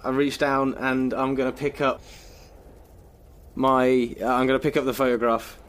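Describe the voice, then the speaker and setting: A man's voice: mid-range voice, little pitch movement, normal speed. Man voicing his tabletop character. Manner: speaks in first person as his character, panicked and breathless when fleeing. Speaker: player. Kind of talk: in-character tabletop role-play.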